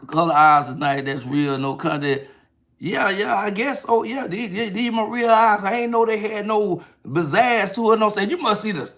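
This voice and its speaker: A man's voice: high voice, fairly bright tone. A man in his fifties from Georgia with a Southern accent, hosting a casual livestream and telling stories in slangy, hyped talk. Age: 50s. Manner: hyped, slangy, repeats "know what I'm saying". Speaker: livestream host, author.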